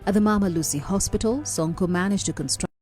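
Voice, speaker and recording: A woman narrating a news report in a scripted, even delivery. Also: mid-range voice, quick pace, soft background music.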